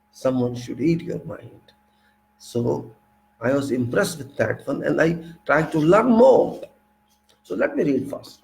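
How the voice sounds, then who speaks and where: An older man lecturing on engineering, his voice gravelly with a fry at the ends of his phrases. He pushes each point home with emphatic repetition and addresses the listener directly. His pitch sits at an ordinary level for a man. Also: a little mellow, a little hiss or hum, rough recording. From India. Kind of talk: recorded lecture.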